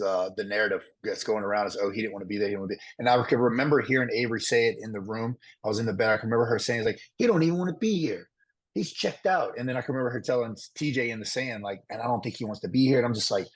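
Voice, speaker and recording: A man being interviewed about his time on a competition show, talking in a quick, rambling way with lots of "like" and "uh" fillers. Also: mid-range voice. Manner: fast, rambling, fills with "like" and "uh". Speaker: reality show contestant interviewee. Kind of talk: candid interview.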